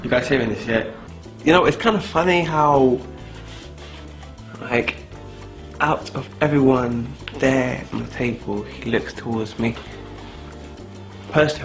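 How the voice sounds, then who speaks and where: A man acting a smug new-age spiritual type, gravelly voice, dismissive, self-assured. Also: medium pitch, close to an everyday voice. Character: smug new-age man who talks about energy and vibrations. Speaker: contestant in a mock dinner-party show. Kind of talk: improvised mockumentary acting.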